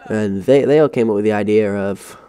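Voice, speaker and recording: A man's voice: lowish voice, fairly quick, dark tone. A young man with an English accent telling a rambling, sweary story time while playing a game. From England. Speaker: gaming channel host. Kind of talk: story time over gameplay.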